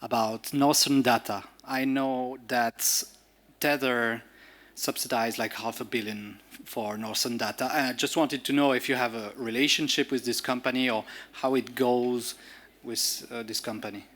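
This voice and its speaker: Man, audience questioner, polite, hesitant, mid pitch. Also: fairly even intonation, unhurried, a bit bright. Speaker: audience member asking a question.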